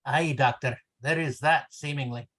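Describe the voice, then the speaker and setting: A bewildered, indignant starship engineer, read aloud by a man from a novel excerpt. The voice sits at an ordinary mid pitch, with lifted, questioning phrasing. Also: steady tone, normal speed, a bit bright, lightly acted. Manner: bewildered, then righteously outraged.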